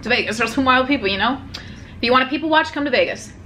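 A woman vlogger telling a story in a chatty, animated way, with lots of swearing and fillers, talking in a hotel room. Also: high-pitched, fast, slight background noise. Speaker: mukbang vlogger. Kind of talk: casual storytelling vlog.

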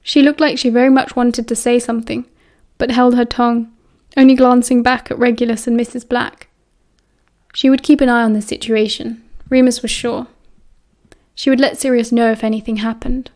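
A woman's voice: a little high, little pitch movement, normal speed, darkish tone. A woman narrating an audiobook, reading steadily and evenly. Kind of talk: reading fan fiction aloud.

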